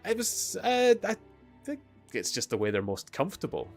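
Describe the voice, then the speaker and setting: A man's voice: high-pitched, wildly swooping pitch, normal speed, over music. A man hosting a live stream, chatting casually in a rambling way with lots of fillers and chuckles. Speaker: streamer host.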